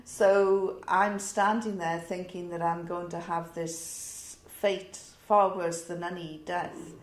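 A middle-aged woman with a northern English accent tells a personal story in a reflective, wry way, with pauses and fillers. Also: fairly low pitch, fairly even intonation. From north of England. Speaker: interviewee. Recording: roomy echo.

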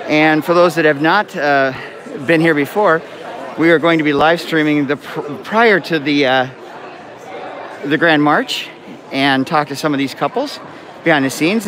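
Upbeat high-voiced man in a noisy crowd. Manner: upbeat, joking, often apologizing. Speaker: event host live streaming. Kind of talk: roving live-stream chat with students. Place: school gym with a crowd, indoors. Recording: loud crowd chatter and noise. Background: crowd chatter.

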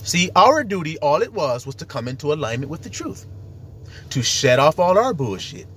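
A self-styled preacher with a fairly high male voice delivers a casual, profane monologue at a moderate pace, his pitch swinging widely and his tone fairly bright over slight hiss or hum. He quotes scripture in slangy street talk and laughs while acting out what other people say.

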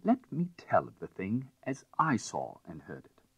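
Husky expressive male audiobook narrator. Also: medium pitch, moderate pace, no echo, highs cut off. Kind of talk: scripted narration of a classic tale.

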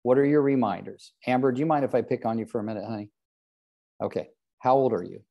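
A man's voice: mid-range voice, quick pace, gravelly, lo-fi sound. An older man coaching real estate agents in a live group session, joking at his own expense and calling on trainees by name. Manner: joking, self-deprecating, calls on trainees by name.

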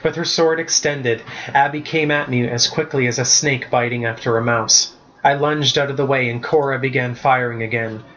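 A man reads his own story aloud in a steady, even storybook narration. His voice sits mid-pitch, and the recording sounds muffled and lo-fi. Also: moderate pace. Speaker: author reading his book.

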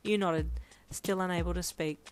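A woman reading a fanfiction story aloud in a soft, expressive narration. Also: lowish voice, normal speed, a little hiss or hum. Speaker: fanfiction reader.

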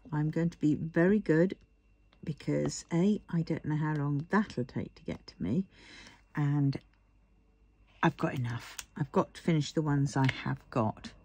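A woman's voice: low-pitched, mellow. A tired woman chatting in a rambling way while she works on a diamond painting, yawning and murmuring to herself. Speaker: craft vlogger.

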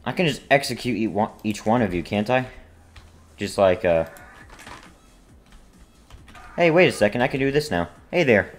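A man's voice: fairly low pitch, lively intonation, fairly quick, faint music behind. A man giving casual gameplay commentary, grumbling and talking at the game in frustration. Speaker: gaming video creator.

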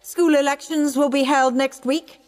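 A woman's voice: high-pitched, fairly even intonation, unhurried, darkish tone, faint music behind, voice pushed up. A woman reading a storybook, voicing a stern and strict woman schoolteacher with a cold, bossy manner. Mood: prim.

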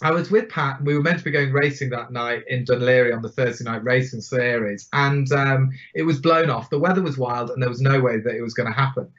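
A man in his forties, guest on an interview podcast, telling his stories in an animated, emphatic way. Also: medium pitch, brisk, few pauses. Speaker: guest speaker. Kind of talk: storytelling interview. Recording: dull lo-fi sound.

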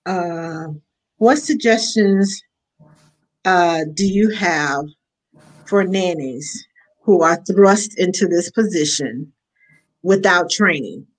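A woman's voice: lowish voice, slow, long pauses. Chatty woman hosting an interview. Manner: lively, acts out quoted voices. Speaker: host and nanny. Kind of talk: casual interview chat.

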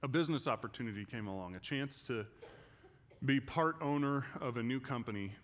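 A male pastor preaching in a church, telling a personal story and moving from hushed, quiet passages to loud, intense ones. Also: mid-range voice, a little fast. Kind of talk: sermon.

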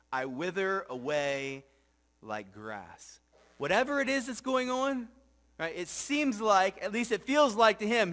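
A male pastor preaching a reflective sermon to a congregation, asking rhetorical questions and often dropping soft and low for scripture. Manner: asks the congregation rhetorical questions, frequent "right?". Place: church sanctuary with congregation.

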